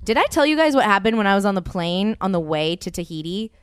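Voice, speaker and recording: A woman from the United States tells a story on a podcast with a smooth, resonant voice recorded close and dry. She swears freely and slips into the voices of the people she quotes. Her pitch sits in the middle. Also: big pitch swings, quick pace, no room sound. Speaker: podcast co-host telling a travel story. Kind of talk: casual chat.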